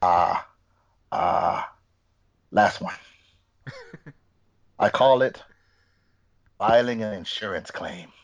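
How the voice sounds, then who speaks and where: A man's voice: on the low side, drawn-out words, pauses often, lo-fi sound. A man hosting a casual comedy podcast game, playfully quizzing the panel and explaining the rules.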